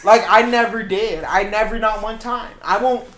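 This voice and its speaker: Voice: mid-range voice, normal speed. A podcast co-host riffing crudely on videos, swearing constantly and laughing often. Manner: crude, profane, laughs often, calls people bitch. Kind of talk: casual comedic banter reacting to videos. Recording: echoey room with loud music behind.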